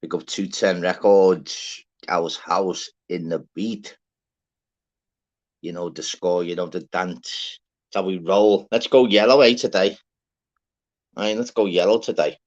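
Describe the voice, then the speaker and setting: A man's voice: sits low, fairly even intonation, a little slow, long pauses. Chatty man, lo-fi. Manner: chatty, swears freely, rambling. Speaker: live stream host. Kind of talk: casual live shout-outs. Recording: dull lo-fi sound.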